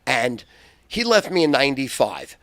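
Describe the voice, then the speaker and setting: An older man telling wild stories as a podcast guest, loud and profane and laughing often. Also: medium pitch, very animated, normal speed, creaky, no room sound. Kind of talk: boisterous storytelling.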